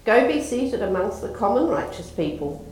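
A woman's voice: on the high side, big pitch swings, normal speed. A woman doing a kindly gatekeeper saint. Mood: welcoming. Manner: gentle and knowing. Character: kindly knowing male Saint Peter at heaven's gate. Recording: echoey room.

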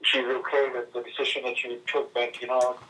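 A man in his thirties calling in to chat with friends, halting and full of fillers and restarts. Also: mid-range voice, completely flat delivery, sharp tone. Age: 30s. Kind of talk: casual phone conversation. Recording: tinny speakerphone from a distance.

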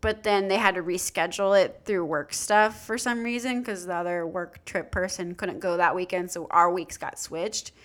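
A young woman chats casually on a podcast. She tells the story with lively energy and acts out the voices of the people in it. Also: on the low side, moderate pace, few pauses. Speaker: podcast co-host. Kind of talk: casual chat.

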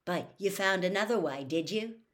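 A woman's voice: mid-range voice, lively intonation, moderate pace, natural voice. Ron Weasley, sulky sarcastic teen boy read by a woman. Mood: bitter sarcastic. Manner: sarcastic, bitter. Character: resentful sarcastic teenage boy wizard. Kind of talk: storybook reading.

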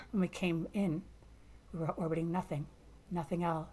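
Woman reading a story aloud, husky lowish voice, calm and steady. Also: a little fast. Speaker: narrator. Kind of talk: first-person audiobook narration.

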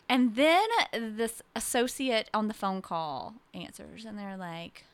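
A woman co-hosting a podcast, telling an animated story in casual chat and acting out the voices of people she quotes. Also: medium pitch, slow, smooth. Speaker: podcast co-host.

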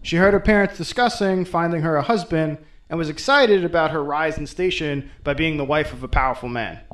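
A man's voice: a little high, brisk, fairly bright tone. A man hosting and retelling a folktale in an irreverent, profane, wisecracking way. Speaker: host and storyteller. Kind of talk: comedic folklore storytelling.

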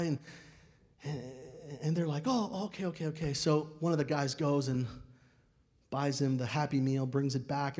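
A middle-aged male pastor preaching a sermon, telling stories with dramatic swings from loud declarations to hushed, quiet moments. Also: on the high side.

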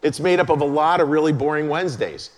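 A man preaching a sermon as a pastor, chatty and conversational, dropping into a soft hush to stress a point. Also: fairly high pitch, quick pace. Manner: conversational, drops to a hush for emphasis. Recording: long hall reverb.

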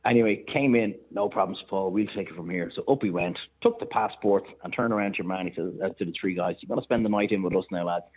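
An Irish man, a chef and restaurateur, telling animated anecdotes in casual chat. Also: deep voice, slightly rough. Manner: animated anecdotes, quick bursts of laughter. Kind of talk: casual storytelling on a phone-in. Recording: tinny phone line.

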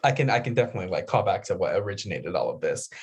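A podcast co-host from the United States talks in a rambling, animated way, and his voice swings up and down a lot in pitch. His voice has a slightly husky edge. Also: racing. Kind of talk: casual chat.

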